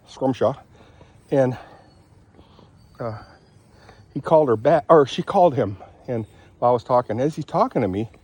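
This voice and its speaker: A middle-aged man from Michigan, talking in a rambling, chatty way and often clearing his throat. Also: medium pitch, darkish tone, a little hiss or hum. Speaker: vlogger. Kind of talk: rambling casual chat.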